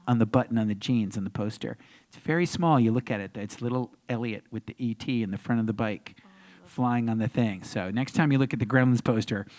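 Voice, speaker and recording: A man guesting on a convention panel, telling a story with lively acted-out crowd voices. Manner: acts out crowds and voices, big pitch jumps. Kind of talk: animated storytelling.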